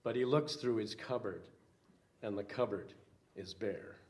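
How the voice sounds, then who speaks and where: Slow-paced older male minister reading aloud. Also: on the low side, darkish tone. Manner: slow, unhurried storytelling with hesitant fillers. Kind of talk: reading a children's story aloud.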